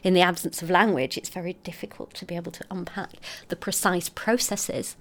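A middle-aged woman, a scientist explaining her research in an interview, articulate and expressive. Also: fairly low pitch, fairly quick. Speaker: scientist guest.

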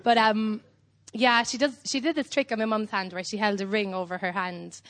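A woman's voice: medium pitch, moderate pace. Irish woman rambling through a standup set. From Ireland. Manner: whimsical, rambling deadpan storytelling with frequent ums. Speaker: standup comedian.

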